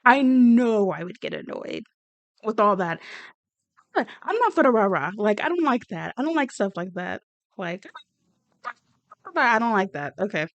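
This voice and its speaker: A woman's voice: mid-range voice, big pitch swings, a little slow, long pauses, no echo, dull audio. Woman ranting casually about a show, blunt and sassy, dry close sound. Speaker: reality show commentator. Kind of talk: casual reaction commentary.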